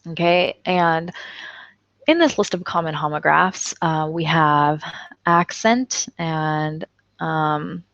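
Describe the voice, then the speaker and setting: A woman with a low but fairly bright voice takes her time, keeping a steady tone as she reads example sentences and explains them in a casual online English lesson. The lo-fi audio is dull and dry, with no room sound.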